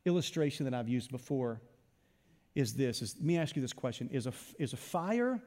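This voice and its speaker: A man preaching a sermon in an animated way, voicing imagined listeners and asking the congregation questions. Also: mid-range voice, a little fast. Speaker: pastor. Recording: long hall reverb.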